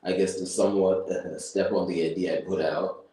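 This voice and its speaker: A man's voice: low voice, steady tone, normal speed, dark tone. A man streaming as he thinks aloud and takes notes, rambling and breaking into chanted nonsense syllables. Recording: very echoey room, mic far off, faint noise.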